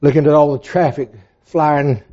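An older man preaching a sermon, dropping to a hush and then rising to impassioned, pleading peaks. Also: on the high side, steady tone, moderate pace. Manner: dramatic, swinging from hushed to impassioned. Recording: dull lo-fi sound.

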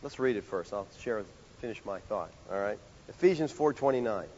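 A male pastor preaching a sermon in a conversational, animated way, full of rhetorical questions. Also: on the low side, moderate pace, slightly rough. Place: church sanctuary. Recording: dull sound with long hall reverb.

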